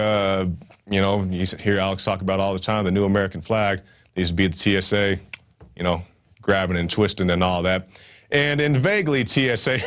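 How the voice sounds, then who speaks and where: A man hosting a news show, giving sarcastic, rambling commentary with many fillers. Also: fairly low pitch. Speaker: news host.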